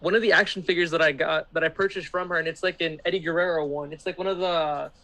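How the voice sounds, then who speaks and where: A man's voice: a little high, fairly even intonation, fast talker, sharp tone. A man chatting casually on a podcast, rambling with lots of likes.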